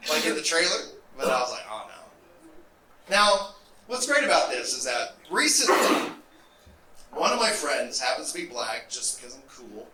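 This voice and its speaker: A man doing a stand-up comedy set on stage, delivering deadpan setups with wry asides. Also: medium pitch. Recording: roomy, distant live club recording with noise.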